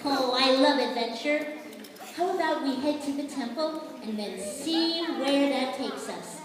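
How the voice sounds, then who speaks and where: Brief: a woman playing a tiny, earnest boy in a school puppet show, slow and polite. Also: high voice, a crowd in the background. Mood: excited. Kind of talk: live puppet show acting. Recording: echoey hall from far off.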